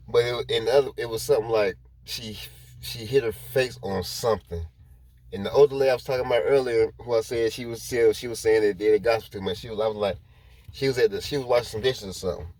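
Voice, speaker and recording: A man's voice: fairly low pitch, darkish tone. Rambling man telling a story to viewers. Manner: rambling, repeats himself, talks straight to viewers. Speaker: vlogger. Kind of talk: casual storytelling to camera.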